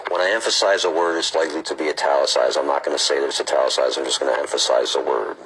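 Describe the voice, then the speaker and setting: A man's voice: a bass voice, steady tone, very fast, few pauses, fairly bright tone, a little hiss or hum, poor audio. A man reading a book aloud, breaking off to chat casually and explain his reading choices. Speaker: reader.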